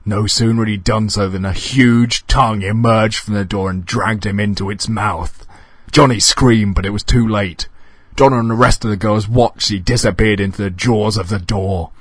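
Deadpan husky male storyteller. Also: on the low side, moderate pace, no echo, studio quality. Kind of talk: comic horror story reading.

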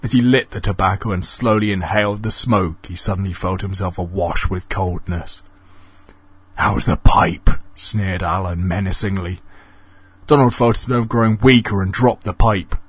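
A man narrating a comic ghost story in a deadpan, mock-dramatic way. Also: lowish voice, moderate pace, few pauses, breathy edge.

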